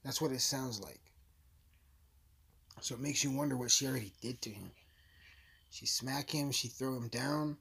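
A man's voice: mid-range voice, moderate pace, creaky, pauses often, a bit bright, slightly rough. A man giving a casual, blunt, profane recap of a crime case, rambling as he goes. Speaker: true-crime commentator.

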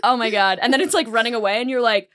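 Animated young woman, dry close sound. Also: on the high side, fast talker, clean tone, dry recording. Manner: animated, swearing, acts out bits in big voices. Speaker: podcast co-host. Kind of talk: casual comedic chat.

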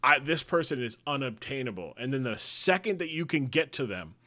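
Man, casual podcast co-host, bright voice, rambling, laughs a lot. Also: mid-range voice, very animated, brisk. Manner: laid-back, rambling, laughs often. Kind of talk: casual chat.

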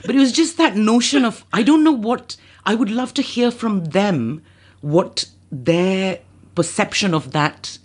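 A woman guest on a podcast, telling a story in casual chat, animated and laughing, acting out other people's lines. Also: mid-range voice, a little slow, slightly rough.

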